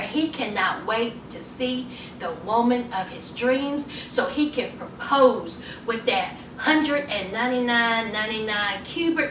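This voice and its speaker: Female reviewer, sassy and laughing, unhurried delivery, distant from the mic. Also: fairly high pitch, noisy background. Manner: sassy, laughing, animated storytelling. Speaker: reality TV reviewer. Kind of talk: casual recap commentary. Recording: echoey room, voice off-mic.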